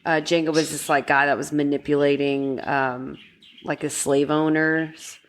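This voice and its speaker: A woman's voice: low-pitched, flat delivery, unhurried. A woman co-hosting a podcast, talking casually and hesitantly with many fillers. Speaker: podcast co-host. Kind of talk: casual chat.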